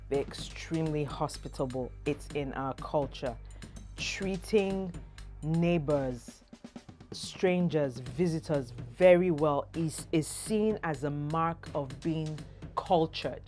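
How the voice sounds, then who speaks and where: A middle-aged woman with a Nigerian accent, talking casually to camera as an expressive, humorous storyteller. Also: low voice, takes it slowly, faint music behind. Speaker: vlogger.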